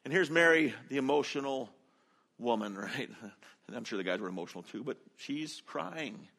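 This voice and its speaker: A man's voice: medium pitch, expressive, normal speed, creaky, a bit bright. A man preaching a sermon as pastor, earnest and conversational, acting out quoted lines with feeling.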